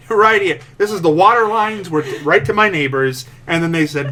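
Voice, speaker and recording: A man's voice: high voice, normal speed, bright, forceful tone. A man hosting a podcast in casual, teasing, jokey chat. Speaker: podcast host.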